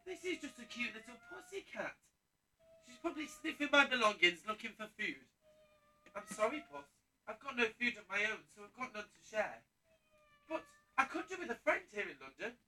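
Lady playing an eager young panto hero, bit high, bright voice, distant stage mic. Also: brisk, slightly rough, heavily acted. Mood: wide-eyed. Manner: eager, wide-eyed, excitable. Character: earnest young male hero, poor and hopeful. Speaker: pantomime principal boy. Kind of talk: live pantomime stage acting. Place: theatre stage. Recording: distant stage sound from the hall.

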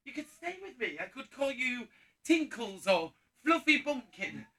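A woman's voice: high voice, big pitch swings, measured pace, pushed and bright, heavily acted. A woman playing an earnest young male hero as a pantomime principal boy, eager and wide-eyed. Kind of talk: live pantomime stage acting. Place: theatre stage. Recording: distant stage sound from the hall.

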